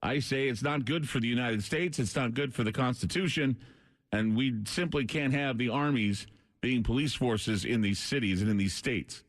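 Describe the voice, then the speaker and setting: Earnest talk radio host, dry close mic. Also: male voice, medium pitch, normal speed, no room sound. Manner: earnest, preaching delivery, briefly choked up. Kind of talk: late-night talk radio.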